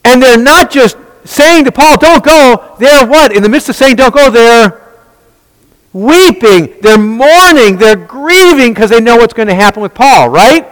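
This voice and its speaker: Male Bible teacher with a very high, animated voice, fond of rhetorical questions and quick restarts. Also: long reverb tail, poor audio. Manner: rhetorical questions, answered at once; frequent restarts and repeated words.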